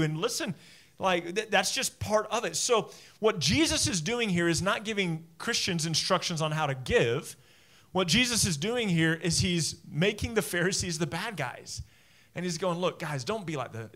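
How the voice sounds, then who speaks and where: A man in his forties, a pastor giving a sermon in a conversational, animated way, with many asides to the congregation. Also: high voice. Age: 40s.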